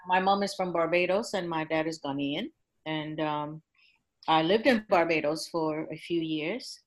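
This is a woman from London who talks with an American accent. Her voice sits slightly low. She chats warmly as an interview guest, laughing often and slipping into playful voices. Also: measured pace. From London, England. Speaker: author and podcast guest. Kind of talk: casual interview chat.

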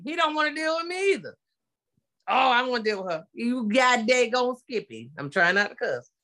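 Bright-voiced blunt middle-aged woman. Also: a little high. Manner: blunt, animated, slangy storytelling. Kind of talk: casual chat.

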